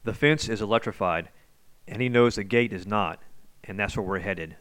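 Male documentary narrator, low voice, calm scripted voice-over. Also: no room sound. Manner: calm, measured storytelling. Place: voice-over, recorded apart from the outdoor footage.

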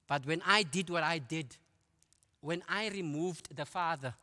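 A middle-aged South African man tells his testimony to a church men's conference, and his storytelling is lively, with quick asides. His voice sits a little high and sounds bright and forceful. It rings with the long reverb of a large hall. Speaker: guest speaker giving testimony. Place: church auditorium.

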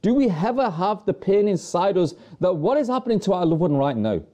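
A man's voice: high voice, very animated, fairly quick, mellow, lo-fi sound. A man presenting a religious talk to viewers, earnestly preaching with rhetorical questions and repeated phrases.

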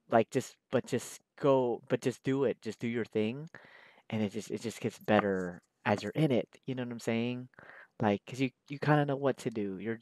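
A man's voice: medium pitch, darkish tone, dry recording. A man chatting casually while he draws, rambling in a slangy, profane, laid-back way. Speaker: artist drawing on camera. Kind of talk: casual chat while drawing.

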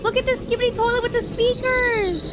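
A woman hosting a reaction video, excitable, gasping often and talking to her viewers as she watches an animation. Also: extremely high pitch, a little fast, very noisy.

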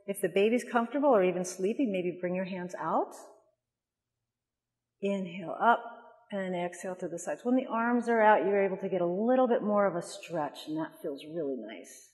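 A woman leading a mother and baby yoga class, giving gentle, soothing cues and cooing at the babies. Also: mid-range voice, lively intonation, moderate pace, big-room sound. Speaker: yoga instructor. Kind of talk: guided yoga class instruction.

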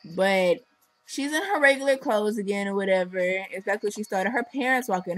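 A young woman reviewing a music video in a chatty, sarcastic, animated way. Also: mid-range voice, no echo, rough recording.

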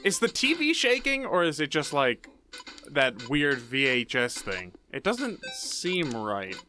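A man's voice: medium pitch, sing-song, a little slow, pushed and bright, soft background music. A young man giving goofy, jumpy commentary while playing a horror game, muttering to himself and then yelping. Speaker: gaming YouTuber.

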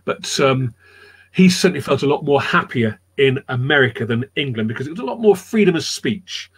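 A man's voice: medium pitch, animated, a little fast, slightly rough. A man telling history anecdotes in a rambling, chatty way on a live chat show, repeating his words as he goes. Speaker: storyteller guest.

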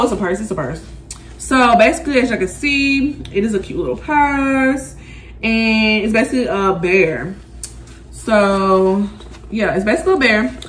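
A young woman vlogger talks her viewers through an unboxing in a loose, chatty way, full of slang and asides to "y'all". Her pitch sits in a middling range. A faint hiss of noise runs under the recording. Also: a bit bright, reverberant, distant mic. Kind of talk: casual unboxing chat.

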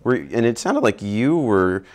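A man's voice: on the low side, very animated, measured pace, darkish tone. A man hosting a casual interview, asking probing questions between brief affirmations. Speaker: podcast host.

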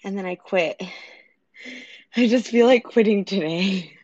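A woman's voice: medium pitch, measured pace, darkish tone, no room sound, highs cut off. A woman casually chatting with viewers on a livestream from her kitchen, giggly and answering their comments. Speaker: livestream host. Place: home kitchen.

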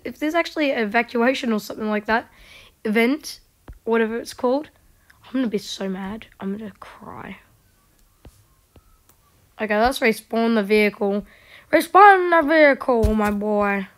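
Chatty woman muttering over gameplay. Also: fairly high pitch. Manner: self-mocking, drops into whispered asides; chatty, talks to herself while playing. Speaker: gaming video creator. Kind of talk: casual gameplay commentary.

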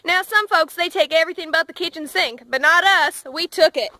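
A woman playing a cheerful country farm girl with a Southern drawl, telling deadpan one-liners. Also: extremely high pitch, a little fast, no room sound. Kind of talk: comedy sketch.

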